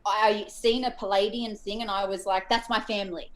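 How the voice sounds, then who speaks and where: A woman in her thirties calling in to a live talk show, telling a rambling, animated story full of quoted asides. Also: mid-range voice, fairly quick. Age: 30s. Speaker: caller. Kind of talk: casual call-in chat.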